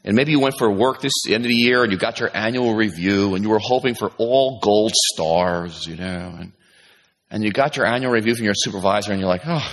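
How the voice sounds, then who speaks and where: This sermon comes from a middle-aged pastor talking a little fast and with animation. He acts out his audience's thoughts, moving between loud, high emphasis and low, quiet asides.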